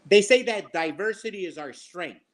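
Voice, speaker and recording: A man co-hosting a casual chat podcast, telling long jokes loudly and slipping into put-on accents. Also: high voice, lively intonation, normal speed, a crowd in the background. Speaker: podcast co-host.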